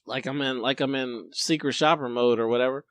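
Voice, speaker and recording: A man co-hosting a podcast, telling a story in relaxed, slangy casual chat. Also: medium pitch, brisk, no room sound. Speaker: podcast co-host.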